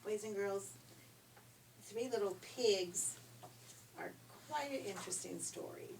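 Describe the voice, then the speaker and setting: A woman's voice: medium pitch, slow pace, darkish tone. An older woman reading a children's story aloud in a homey, chatty storytelling way. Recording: distant mic, faint hiss.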